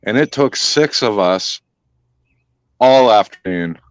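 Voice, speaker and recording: A man's voice: lowish voice, slow, clean tone, no echo, low-quality recording. A man telling a hunting story in casual chat, swearing a lot and acting out the voices. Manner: profane, animated, acts out voices.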